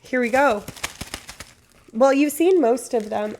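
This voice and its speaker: A woman's voice: high voice, takes it slowly, long pauses, a little mellow, a little hiss or hum. A woman streamer in rambling, casual live-stream chat, swearing now and then.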